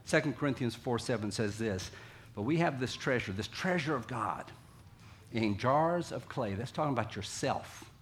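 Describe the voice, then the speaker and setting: A man preaching a sermon to his congregation in a conversational way, dropping low and quiet, then acting out quotes loudly. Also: expressive, moderate pace, slight background noise. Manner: conversational, acts out quotes with big swings from quiet to loud. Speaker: pastor. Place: church sanctuary.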